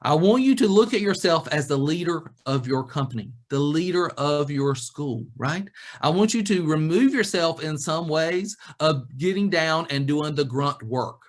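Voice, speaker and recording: Animated man giving a webinar talk. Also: fairly high pitch, normal speed. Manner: animated, joking, coaching tone. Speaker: speaker. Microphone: video call.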